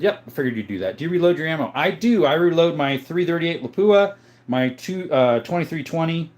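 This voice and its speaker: Laid-back thirtysomething American man. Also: mid-range voice. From USA. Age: 30s. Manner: relaxed, folksy, drawls out answers, calls viewers brother. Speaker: gun collector livestreaming. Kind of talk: casual live chat reading comments.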